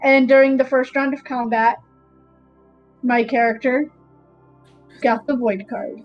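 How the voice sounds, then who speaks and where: High-voiced woman, hesitant and casual. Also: fairly even intonation, unhurried, highs cut off, faint music behind. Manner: hesitant, lots of fillers. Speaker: tabletop game player, guest panelist. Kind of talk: casual streamed Q&A chat.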